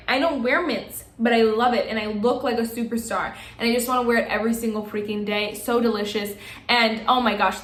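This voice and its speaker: A young woman reviewing makeup in a casual vlog, gushing and excitable as she chats to her viewers. Her voice sits fairly high. The room around her rings with echo. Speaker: beauty vlogger. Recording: echoey room.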